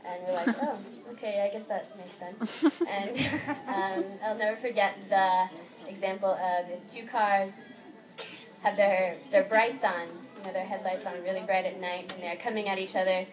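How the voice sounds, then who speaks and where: A woman's voice: mid-range voice, steady tone, normal speed, a crowd in the background. A young American woman, an exchange student, giving a heartfelt thank-you speech to her host family and laughing often as she tells stories. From United States. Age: young adult. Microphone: microphone held at a distance. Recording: distant mic, noisy outdoor ambience.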